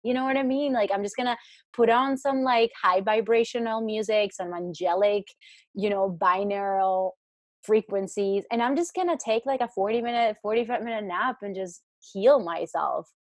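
A woman with a husky, slightly breathy voice chats about spiritual work. She rambles, restarting her thoughts and filling gaps with "like" and "you know". The sound is close and dry. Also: mid-range voice, normal speed, no room sound. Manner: rambling, many restarts and fillers. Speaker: spiritual guest. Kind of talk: casual chat.

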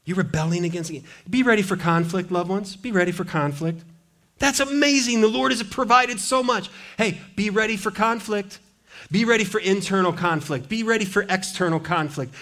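A pastor preaches in a church, his voice sitting a bit high for a man. He talks in a lively, conversational way and slips into playful quoted asides to his congregation. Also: moderate pace. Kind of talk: sermon. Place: church sanctuary.

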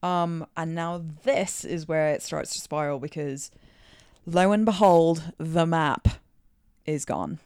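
A woman's voice: low-pitched, slow pace, a little mellow, clear, resonant tone, dry recording, studio quality. A woman co-hosting a casual film review podcast, recapping the plot with playful asides. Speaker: podcast co-host.

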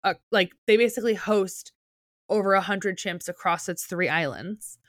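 A young woman with a New Jersey accent co-hosts a podcast, chatting loosely with plenty of "like" fillers and the odd swear word. Her voice sits at an ordinary middle pitch and sounds dry and close to the mic. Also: moderate pace, a bit bright, dry recording. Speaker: podcast co-host. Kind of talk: casual chat.

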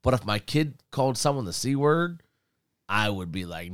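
A man, a father, chatting casually with friends in a relaxed, animated way, laughing often and leaning on "like" as a filler. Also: mid-range voice, moderate pace, clear, resonant tone, no echo, clean studio sound. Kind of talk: casual chat.

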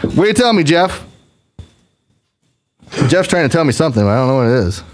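A man's voice: on the high side, big pitch swings, a little fast. A man hosting a podcast, telling a long story in casual chat, repeating words and swearing offhand. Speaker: podcast host.

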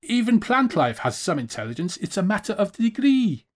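A man's voice: high-pitched, big pitch swings, normal speed, voice pushed up. A man voicing a stern, dismissive male professor who lectures scornfully. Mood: scornful lecturing. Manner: scornful, talking down.

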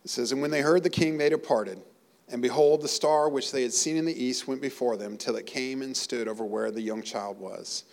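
Gravelly earnest male preacher. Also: mid-range voice, brisk, a little mellow. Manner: earnest, emotional preaching with rising emphasis. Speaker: pastor. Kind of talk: sermon.

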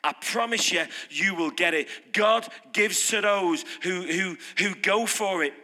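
A man's voice: high-pitched, measured pace, sharp tone. A man preaching an off-the-cuff sermon, emphatic and repeating phrases for punch. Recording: long hall reverb.

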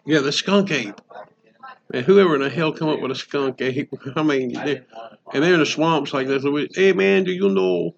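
Man, podcast host, casual rambling jokes, muffled recording. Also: mid-range voice. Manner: rambling, joking, drawn-out. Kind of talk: casual chat. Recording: dull lo-fi sound.

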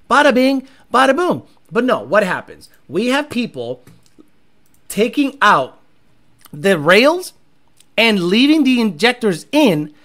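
Blunt tuner guy on a stream, swears a lot, voice jumps all over. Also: high-pitched. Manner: blunt, animated, swears freely. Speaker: performance car tuner. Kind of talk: casual livestream talk.

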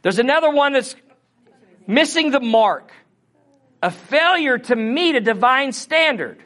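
A man's voice: extremely high pitch, animated, unhurried, sharp tone. A middle-aged man from Missouri with a Missouri accent, teaching a Bible lesson in a conversational way and often checking in with his listeners. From Missouri, USA. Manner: conversational, asks the audience questions. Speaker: preacher.

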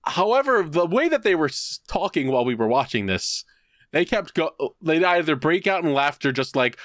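A man chatting on a podcast in a somewhat high voice, recorded dry and close. He tells the story casually and with lots of swearing. He slips into put-on voices to act out what people said. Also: no echo. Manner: animated, profane storytelling; acts out quotes in put-on voices. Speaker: podcast co-host. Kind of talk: casual chat.

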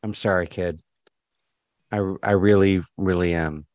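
A man voicing a regretful male mentor figure in a tabletop game, apologising in a lowered, halting voice. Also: steady tone, darkish tone, no room sound, muffled recording.

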